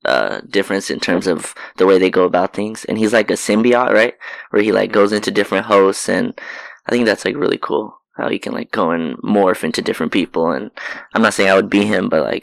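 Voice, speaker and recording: A man's voice: low voice, gravelly, fairly bright tone, no room sound, low-quality recording. A man on a podcast chat, talking hesitantly with lots of "like" and "um". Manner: hesitant, fills with "like" and "um". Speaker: podcast co-host. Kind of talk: casual chat.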